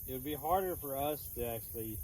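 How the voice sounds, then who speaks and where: A man's voice: medium pitch, expressive, fast, a little mellow, slight background noise, poor audio. Easygoing Texan man chatting outdoors. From Texas. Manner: rambling, easygoing, with many restarts. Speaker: streamer answering chat. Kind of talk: casual chat. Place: outdoors in the countryside. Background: crickets and insects chirping faintly.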